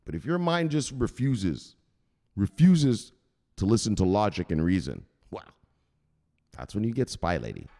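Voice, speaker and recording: A man's voice: fairly low pitch, big pitch swings, measured pace, gravelly, long pauses, mellow, big-room sound. A man hosting a crypto news channel, rambling and joking with plenty of swearing. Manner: profane, rambling, jokey. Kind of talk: casual joking monologue.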